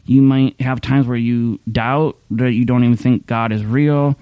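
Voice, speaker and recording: A man's voice: medium pitch, fairly even intonation, measured pace, clean tone, no room sound, phone-quality sound. A man preaching a sermon in a candid, conversational way, often restarting his sentences. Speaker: pastor. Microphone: streaming camera mic.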